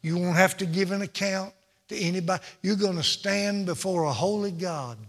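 A man's voice: sits high, moderate pace, fairly bright tone, long reverb tail. A man preaching a sermon from the pulpit, with an emphatic, repetitive cadence. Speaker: pastor.

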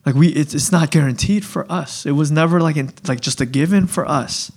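A man preaching a sermon in a casual, conversational way, full of fillers and restarts, often dropping to a hushed, earnest voice. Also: on the high side, brisk, slightly rough.

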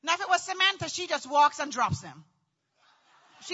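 A woman in middle age telling a personal story in a dramatic, animated way, acting out voices and often shouting. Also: high-pitched, brisk, dull audio. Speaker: storyteller recounting childbirth.

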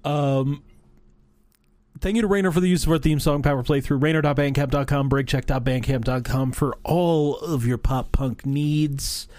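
A man's voice: a little high, darkish tone, dry recording. A man co-hosting a podcast, reading the outro and plugs in a casual, joking way. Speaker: podcast co-host.

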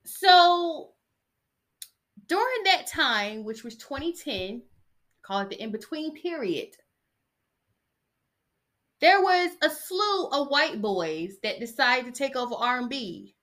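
A young woman hosting her own podcast, talking in a casual solo monologue with a soft, low-key delivery and blunt, opinionated, slangy asides. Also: very animated, slow, long pauses. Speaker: podcast host.

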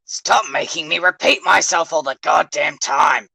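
A man doing a gravelly shouting teen bully. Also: high-pitched, big pitch swings, normal speed, no echo, heavily acted. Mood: furious. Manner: shouting, cursing, barking commands. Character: furious hot-headed teenage boy, aggressive bully. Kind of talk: fan audio drama.

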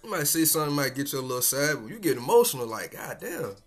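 Male podcast host, mid-pitched, easygoing slang-heavy monologue, faint music underneath. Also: sing-song, rapid-fire. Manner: laid-back, slangy and profane, chuckling often. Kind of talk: casual solo podcast monologue.

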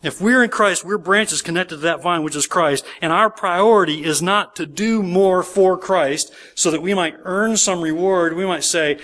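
A man's voice: high-pitched, moderate pace, few pauses, a bit bright. Emphatic man preaching a sermon. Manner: emphatic, repeating key words. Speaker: pastor.

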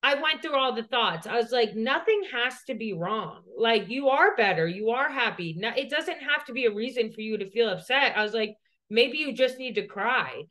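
Her voice is a little high and a bit bright, with lively intonation and a moderate pace, as she co-hosts a podcast. She spins a rambling, profane personal story, constantly saying "like".

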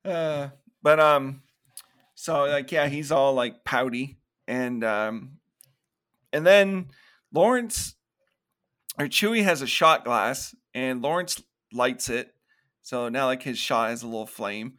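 A man's voice: medium pitch, slow pace, fairly bright tone. A man co-hosting a podcast, casually retelling scenes from a horror movie with put-on quotes and laughter. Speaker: podcast co-host. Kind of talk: casual movie review chat.

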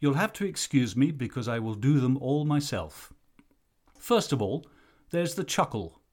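Slow, lively-voiced male English teacher. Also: mid-range voice. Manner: slow, careful explanatory delivery. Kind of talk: recorded lesson narration.

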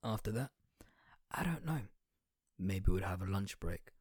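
Low, husky young guy ranting sarcastically. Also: lively intonation, unhurried, darkish tone, dry recording, studio quality. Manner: sarcastic, crude, rambling, slangy. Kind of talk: satirical comedic rant.

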